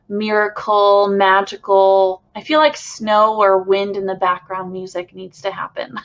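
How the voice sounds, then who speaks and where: A woman's voice: mid-range voice, fairly bright tone, lo-fi sound. A woman leading a live channeling session, earnest and effusive, with many fillers and sighs. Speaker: spiritual channeler.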